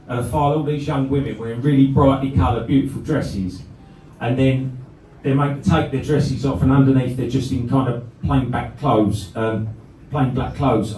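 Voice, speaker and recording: A man's voice: mid-range voice, mellow, recorded from a distance, slight background noise. Sweary man telling a story on stage. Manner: sweary, conversational, laughing through his story. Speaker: comedy band frontman. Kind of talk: live stand-up storytelling. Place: club stage with a live crowd. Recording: roomy live club recording from the crowd.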